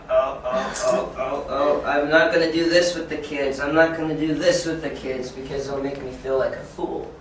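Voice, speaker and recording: Animated man training teachers in an echoey room. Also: on the high side. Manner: animated, acts out classroom scenes. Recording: echoey room, distant mic, faint noise.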